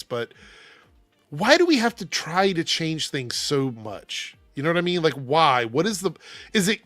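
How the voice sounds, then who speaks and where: A livestream co-host with a slightly high voice reads a news article out loud, animatedly interrupting himself with personal asides and opinions. The recording carries no room sound.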